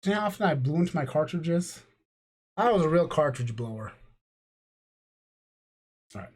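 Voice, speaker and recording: A man's voice: on the high side, sing-song, moderate pace, husky. Profane, rambling tipsy man. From New Mexico. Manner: profane, rambling, jokey ranting. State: tipsy from drinking. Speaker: podcast host. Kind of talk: casual chat.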